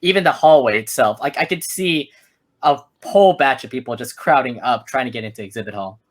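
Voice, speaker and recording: A man's voice: medium pitch, brisk. A man chatting as a podcast guest, easygoing as he recounts memories. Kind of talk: casual chat.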